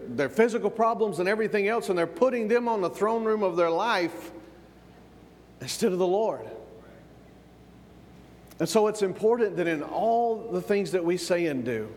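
A man's voice: sits high, in a large hall. A man from the American South, preaching a sermon as pastor, stumbling over repeated words and asking for amens. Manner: repeats words when building up, calls for amens. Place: church.

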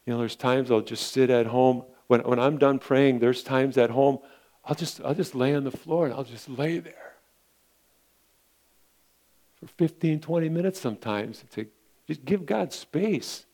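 A man's voice: medium pitch, unhurried, a little mellow. A male pastor preaching a sermon in an earnest, repetitive way, often calling his listeners friends.

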